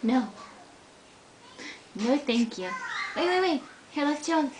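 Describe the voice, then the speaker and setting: A woman's voice: high voice, expressive, slow. A young woman filming her baby at home, coaxing it in playful sing-song baby talk. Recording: noisy home camcorder audio.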